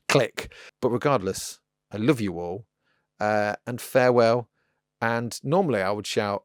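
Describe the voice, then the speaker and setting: A man's voice: mid-range voice, moderate pace, no echo, clean studio sound. A man hosting a casual miniature painting tutorial, rambling and joking at his own expense. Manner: rambling, self-mocking and playful. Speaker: miniature painting channel host.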